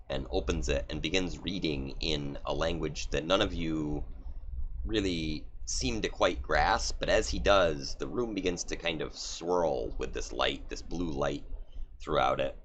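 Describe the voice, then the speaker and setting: A man's voice: a bass voice, fairly bright tone, slight background noise. A man narrating a tabletop game as game master, telling the story animatedly.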